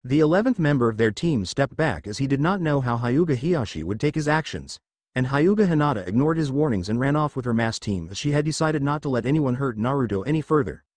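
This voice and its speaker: A man reads a fan-written story aloud, with expressive narration. His pitch is middling but very lively. The recording is dry, with no room sound. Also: fast talker, no echo. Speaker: fan fiction reader.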